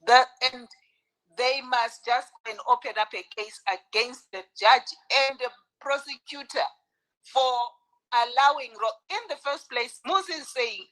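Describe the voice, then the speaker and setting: A woman's voice: high voice, a little slow, fairly bright tone, poor audio. A woman from South Africa on a podcast panel, speaking with heated, emphatic indignation. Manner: indignant, emphatic, stacks up complaints. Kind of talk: heated casual commentary.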